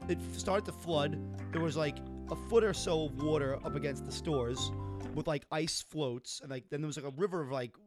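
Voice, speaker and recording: A man's voice: a little high, moderate pace, music in the background. A man in casual chat who explains things loosely, full of fillers and repeated words.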